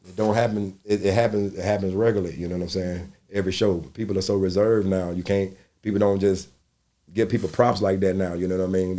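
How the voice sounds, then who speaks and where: A middle-aged male comedian with a fairly low voice tells stories in an easy, profane way. He talks casually and reflectively, sprinkling in slang and asides to the listener. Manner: animated, profane storytelling that jumps into loud high quoted voices. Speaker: comedian interviewee. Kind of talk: casual storytelling interview.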